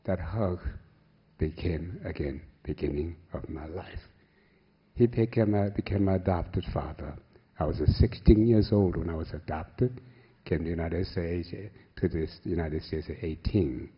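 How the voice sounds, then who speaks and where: A man's voice: deep voice, measured pace, slightly rough, muffled recording. An older man with a Korean accent giving an emotional speech, telling his story and acting out past dialogue. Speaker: speaker at a gala.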